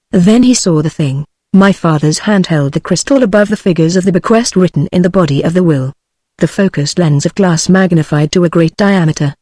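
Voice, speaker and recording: A text-to-speech voice narrating an old detective story audiobook in an even, mechanical reading. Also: medium pitch, no echo, clean studio sound.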